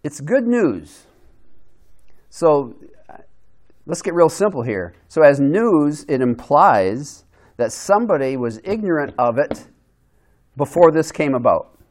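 A man's voice: fairly high pitch, sing-song, slow, pauses often, a little mellow. Man teaching a casual Bible lesson. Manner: conversational, with restarts and questions to the group.

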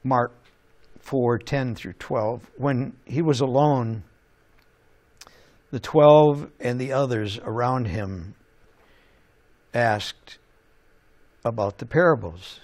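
A man preaching a sermon in an animated way, asking rhetorical questions and chuckling now and then. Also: mid-range voice, slow, long pauses.

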